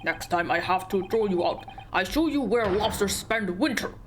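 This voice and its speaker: A gruff, threatening sailor guard, put on by a woman in a rough mock Russian accent. He barks his warnings in short, curt lines, like a game character reading. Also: mid-range voice, expressive, normal speed, a little hiss or hum, natural voice. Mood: menacing.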